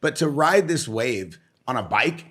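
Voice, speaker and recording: A man co-hosting a podcast, asking the guest questions in an excited, casual way. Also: medium pitch, unhurried. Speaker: podcast co-host. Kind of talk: casual chat.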